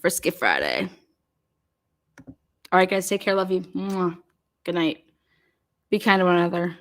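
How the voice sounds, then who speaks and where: A woman's voice: fairly low pitch, flat delivery, moderate pace. A woman hosting a true crime live stream, chatting casually, laughing often and swearing loosely.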